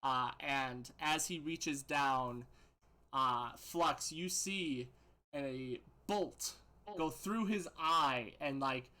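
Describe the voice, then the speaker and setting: A man narrating as game master of a tabletop game, giving quick rulings broken by "uh" and throat-clearing. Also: medium pitch, bright, forceful tone.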